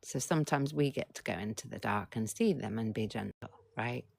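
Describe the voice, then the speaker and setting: A woman, a mental health coach, talking gently to viewers on a livestream and coaxing them to respond. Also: rumbling low, fairly quick, creaky, slightly rough, dry recording. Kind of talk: livestream talk.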